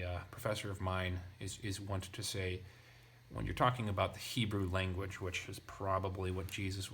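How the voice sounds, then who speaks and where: A young man with a fairly low voice walks through a passage of ancient Greek grammar, parsing word by word. He talks casually and thinks aloud, stopping for asides and restarting sentences as he goes. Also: a bit bright, slight background noise. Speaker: Greek language teacher. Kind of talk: casual lesson.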